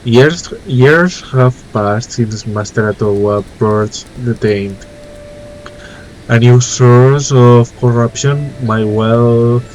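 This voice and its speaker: A man with a flu-stuffed nose reading out a formal, learned young male scholar's game dialogue in a plain, slightly halting voice. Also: medium pitch, highs cut off.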